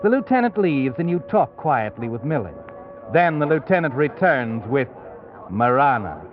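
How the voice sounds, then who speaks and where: A man's voice: mid-range voice, sing-song, moderate pace, close to an everyday voice. An actor playing a mysterious, all-knowing male narrator in a 1940s radio drama, speaking in an ominous, taunting way. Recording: dull 1940s radio broadcast with music. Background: music.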